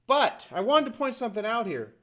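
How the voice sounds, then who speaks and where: Man, high voice, casual vlog commentary, rambling, chatty asides. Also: sing-song, a little fast, a bit bright. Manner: rambling, conversational, fond of asides. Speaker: video host.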